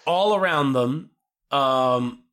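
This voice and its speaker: A man's voice: medium pitch, slow pace, a bit bright. A man casually reviewing a movie with a co-host, rambling and swearing with lots of "like". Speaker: podcast co-host.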